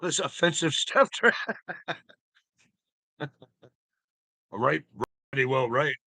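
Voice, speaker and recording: A man's voice: on the high side, lively intonation, drawn-out words, gravelly, sharp tone, no room sound. A man streaming live, chatting loosely with viewers, rambling and swearing freely. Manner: rambling, profane, talks to chat by name. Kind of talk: casual live-stream chat.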